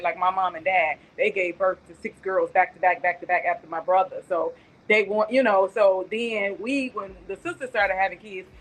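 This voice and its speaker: A woman's voice: medium pitch, poor audio. Chatty middle-aged woman reminiscing. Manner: chatty storytelling, many asides. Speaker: guest, aunt of the deceased. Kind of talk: casual reminiscing.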